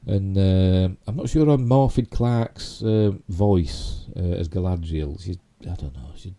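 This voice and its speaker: Hosting a relaxed live stream, a man from Yorkshire, England rambles about geek news with plenty of "you know" and tag questions. His voice is low and mellow, his pace measured, his accent clearly Yorkshire.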